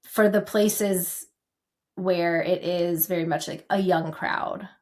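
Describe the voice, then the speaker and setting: A woman co-hosting a podcast in casual chat, talking in quick, animated bursts as she reflects. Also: on the low side. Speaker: podcast co-host.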